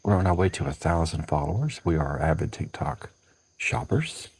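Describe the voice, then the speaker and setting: A man's voice: extremely low pitch, lively intonation, moderate pace, a little mellow, husky, no echo, rough recording. A man with a Southern US accent hosting a casual livestream from a porch at dawn, chatting and greeting viewers by name. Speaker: livestream host.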